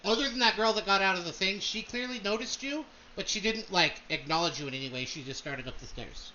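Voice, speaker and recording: Man, game master, casual narration, bright voice, dull recording with faint noise. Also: high-pitched, fairly quick. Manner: casual, many fillers.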